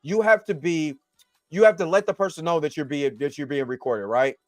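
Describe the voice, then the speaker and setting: High-voiced man hosting casual commentary. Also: brisk, no echo, faint music behind. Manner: animated, talks straight to viewers with slang and asides. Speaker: YouTube commentary host. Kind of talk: casual live-stream commentary. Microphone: laptop recording setup.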